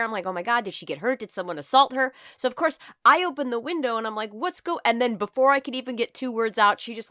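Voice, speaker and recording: A woman's voice: a little high, pushed and bright, no echo, studio quality. A woman in her twenties telling a personal story on her vlog, candid and profane, acting out scenes as she goes. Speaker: vlogger.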